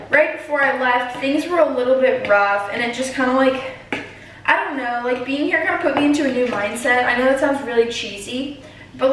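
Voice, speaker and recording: A woman's voice: sits high, a bit bright, a little hiss or hum. A teenage girl vlogging casually while cooking in her kitchen, talking with lots of fillers. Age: teens. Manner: chatty, many fillers, talks while mashing. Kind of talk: casual cooking vlog chat. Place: home kitchen. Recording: very echoey room, distant mic.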